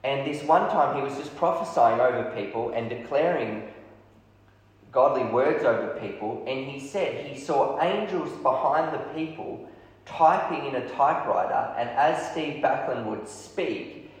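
A man preaching a storytelling sermon, lively, acting out the dialogue of the people in his story. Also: mid-range voice, a little slow. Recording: echoey hall, heavy reverb.

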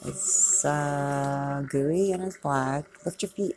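A woman's voice: sits low, fairly even intonation, slow, hardly any pauses, darkish tone, a little hiss or hum. A woman giving a casual, chatty commentary as she watches a movie, swearing freely and laughing and exclaiming at the screen. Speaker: movie reaction vlogger.

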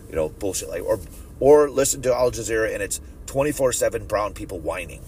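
A podcast host delivering a profane, sneering rant in an angry monologue. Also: male voice, lowish voice, brisk. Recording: distant mic with loud traffic noise.

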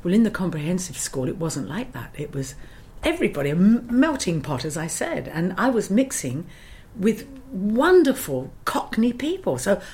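A woman's voice: fairly low pitch, normal speed, few pauses. A woman from London, an actress telling stories in a casual interview and acting out the lines she quotes. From London, England. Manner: animated anecdotal storyteller, acts out quoted lines.

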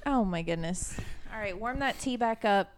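A woman's voice: medium pitch, animated, moderate pace, a little hiss or hum. Casual teasing woman podcast co-host. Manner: casual, swears freely, teasing. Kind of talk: casual chat.

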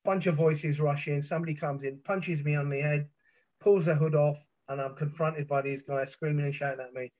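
A middle-aged man from the UK speaks fairly quickly as a podcast guest, his high-side, darkish voice holding fairly even intonation. He intensely retells a personal ordeal in vivid first-person detail, restarting and swearing, with muffled, dull recording quality.

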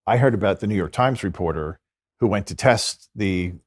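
Speaking in a deep voice at a moderate pace, a man who is a Catholic priest and exorcist recounts stories with quoted dialogue during an earnest, conversational interview.

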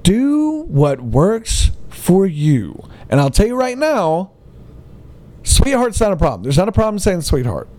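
Fired-up ranting man, lively voice. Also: sits high, unhurried. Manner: heated, emphatic, sarcastic. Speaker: vlogger. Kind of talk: ranting monologue to camera.

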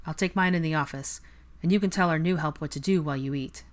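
Rich: An easygoing young man, blunt and chatty, voiced by a woman reading a fan fiction audiobook. He talks in a casual, low-pitched, everyday way. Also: quick pace, natural voice.

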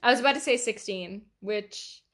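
A woman's voice: mid-range voice, moderate pace. A teenage girl hosting a casual solo podcast, chatty, swearing a lot and laughing often. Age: teens. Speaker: podcast host.

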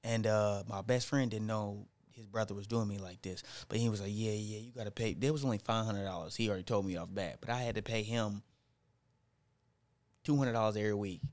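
A man's voice: lowish voice, a little fast. A man casually telling a story in slangy talk, acting out what people said. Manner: animated, slangy, acts out quotes. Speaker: storyteller in group chat.

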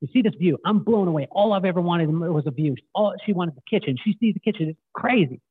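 A middle-aged man guest, telling stories in an animated way and acting out quotes. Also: high-pitched, fast, breathy edge, dry recording. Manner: animated storyteller, acts out quotes. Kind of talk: casual storytelling interview. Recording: tinny phone-like line, dry.

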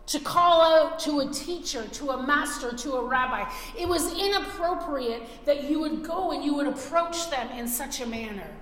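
Female preacher, animated storyteller; high, unhurried delivery, reverberant hall with faint ambience. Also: a little hiss or hum. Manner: animated storytelling, acting out scenes. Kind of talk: sermon.

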